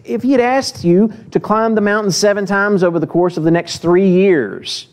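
A man's voice: sits high, moderate pace. Preacher man reading scripture aloud. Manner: reads scripture with lively acted voices, then talks plainly to the congregation; asks the listeners direct questions. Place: church.

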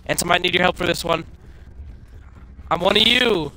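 Bright-voiced young man narrating gameplay. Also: sits high, moderate pace, slight background noise, low-quality recording. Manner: jokey, talks to his viewers and to the game creatures. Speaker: streamer. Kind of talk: live gameplay commentary.

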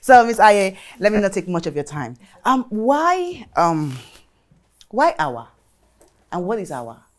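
A woman hosting a casual talk show, animated and emotional, speaking dramatically. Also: medium pitch, measured pace. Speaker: host.

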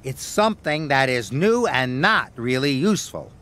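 A man voicing an old, steady male engine who is gentle but stubborn in a children's cartoon. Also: mid-range voice, normal speed. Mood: earnest. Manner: gentle, gruff at times.

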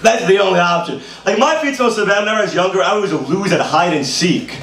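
A stand-up comedian from Brooklyn, New York, rambles through an open-mic set in a small bar's comedy room, peppering it with "you know." His voice is high-pitched, fairly quick and a bit bright, captured from a distance in a roomy live space with faint hiss.

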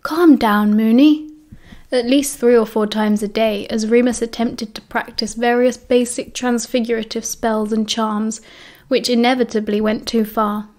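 A woman with a British accent narrating an audiobook in a steady storytelling way. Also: on the high side, normal speed. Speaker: audiobook reader.

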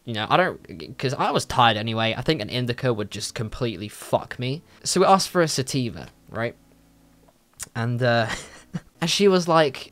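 A young man, telling a story in a casual, animated way and swearing freely. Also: moderate pace. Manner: animated, swears a lot, jumpy pitch. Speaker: vlogger.

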